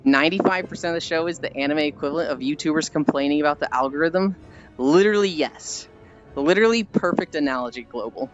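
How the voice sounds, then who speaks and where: A man's voice: on the high side, fast talker. Streamer guy, casual and rambling, dull lo-fi sound with faint music underneath. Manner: rambling, acts out scenes in put-on voices. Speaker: livestreamer. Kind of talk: casual stream chat while walking.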